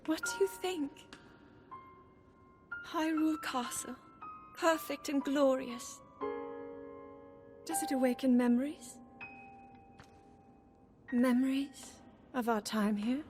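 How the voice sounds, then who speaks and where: An actress voicing a sinister phantom princess with a British accent, soft and eerily sweet in a video game scene. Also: female voice, sits high, slow, long pauses, over music. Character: sinister phantom princess, regal young woman.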